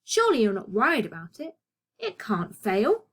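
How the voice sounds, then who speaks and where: A woman's voice: a little high, huge pitch swings, normal speed, a bit bright, slightly rough, full character voice. A woman voicing a cheerful, optimistic young male writer in a storybook read-aloud, sounding reassuring.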